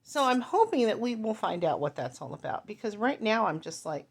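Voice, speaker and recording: A woman's voice: medium pitch, big pitch swings, fairly quick, slightly rough. A woman reviewing a TV movie in casual chat, rambling and correcting herself as she goes. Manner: rambling, chatty, self-correcting.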